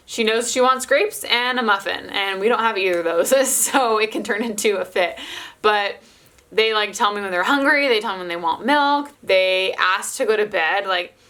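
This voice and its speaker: A woman's voice: medium pitch, pushed and bright. A young adult woman, a mother of toddlers, chatting casually to camera and filling her speech with "like". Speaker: mother of toddler twins, vlogger.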